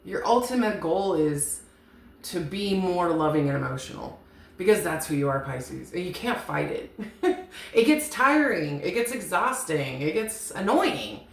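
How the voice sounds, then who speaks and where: A woman's voice: lowish voice, sing-song, measured pace, creaky. A woman giving a casual, rambling tarot reading, frank and chatty, swearing now and then. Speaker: tarot reader. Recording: echoey room with faint hiss.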